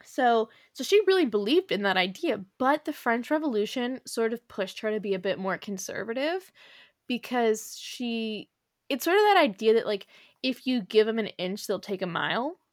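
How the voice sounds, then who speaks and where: A woman's voice: fairly high pitch, expressive, normal speed, dry recording, studio quality. A young adult woman hosting a podcast, chatting casually about history with lots of fillers and frequent laughs. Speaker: podcast host.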